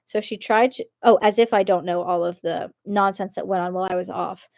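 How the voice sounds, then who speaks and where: A woman's voice: medium pitch, fairly even intonation, a little fast, a little mellow, no room sound, clean studio sound. A woman live-streaming as she reads online posts aloud, chatty and giggly, often breaking off to comment. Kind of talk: casual live-stream reading.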